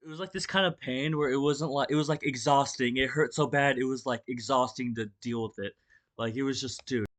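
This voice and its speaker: A man's voice: medium pitch, a little fast, fairly bright tone. A young man telling a storytime vlog in a casual, rambling way, with lots of fillers, restarts and swearing, acting the story out as he talks. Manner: acts out the story with gestures. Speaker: vlogger.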